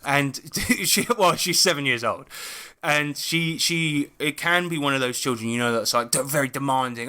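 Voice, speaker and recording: A man with a bright, forceful voice chats on a gaming podcast. He tells stories animatedly, laughing and swearing as he goes. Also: medium pitch, moderate pace, few pauses. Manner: animated storyteller, swears freely, laughs often. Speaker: podcast co-host and game master. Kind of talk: casual chat.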